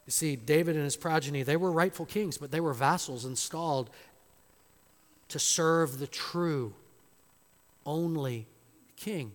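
A man preaching an expository sermon in a church, slow and emphatic, building to loud dramatic quotations. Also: a little high. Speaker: pastor. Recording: long hall reverb.

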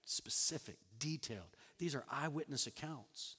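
A man preaching a sermon as a pastor, animated, acting out quoted lines with sudden loud bursts and soft drops. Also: on the high side, moderate pace, husky, big-room sound.

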